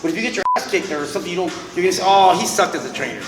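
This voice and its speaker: A man with a fairly high voice coaches fighters in a boxing gym. He is blunt, animated and full of profanity. His voice rings through a big room with a long echo. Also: racing. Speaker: boxing trainer. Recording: echoey hall with long reverb.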